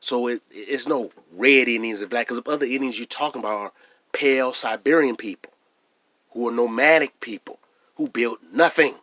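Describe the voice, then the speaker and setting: A man with a hoarse voice, talking emphatically and repeating himself in a casual vlog monologue. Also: medium pitch, normal speed, a bit bright, no echo. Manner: emphatic and repetitive, often restarting phrases. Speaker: vlogger.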